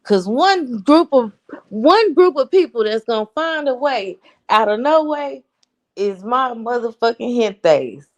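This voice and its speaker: A woman's voice: on the high side, animated, a little slow. A woman, telling a story in a casual, blunt, profane rant. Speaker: host.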